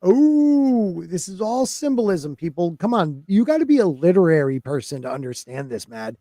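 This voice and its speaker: This is a man hosting a casual podcast, reading fan theories aloud and hamming them up. His voice sits high but sounds soft and mellow. It is recorded close and dry, with little room sound. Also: expressive, brisk, no room sound. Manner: playful, laughing, reads aloud with put-on emphasis.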